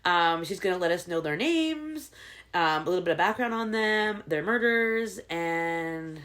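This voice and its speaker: On the casual podcast she shares with her daughter, this middle-aged mother speaks unhurriedly in a lowish voice. Her storytelling is bubbly, giggly and animated.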